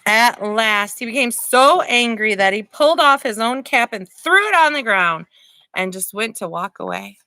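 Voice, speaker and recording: A woman teacher reads a picture book to preschoolers, animated and pausing to ask the children questions. Her voice is bright, lively and unhurried. The sound is dry and close. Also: a little high, dry recording. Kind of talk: read-aloud for young children.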